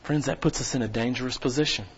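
A man preaching a sermon as pastor, folksy and talking straight to the congregation, his voice swelling at times into near-shouting. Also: medium pitch, fast, breathy edge, highs cut off. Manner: preaching with sudden rises to shouting; folksy, addresses the congregation directly.

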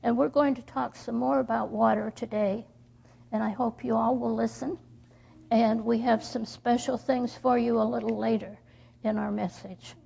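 A woman reading a story aloud to children in church, halting and stumbling over words as she goes. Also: a little high, fairly even intonation, gravelly, mellow, husky. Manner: slow, halting reading with slips and restarts. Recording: dull lo-fi recording.

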